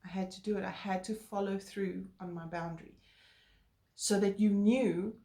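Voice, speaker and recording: A woman co-hosting a relationship talk, explaining calmly and earnestly with filler words. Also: mid-range voice, normal speed. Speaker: co-host. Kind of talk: casual chat. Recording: roomy echo.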